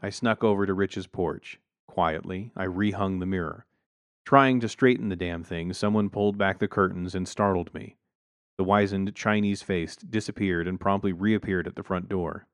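Low-voiced man narrating wryly. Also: fairly even intonation, moderate pace, no room sound. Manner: dry, wry storytelling. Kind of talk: first-person story narration.

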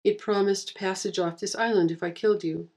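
A woman's voice: medium pitch, fairly even intonation, fairly quick, darkish tone, breathy edge. Woman reading as a sardonic swordswoman. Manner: dry, sardonic. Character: wry young female swordswoman warrior.

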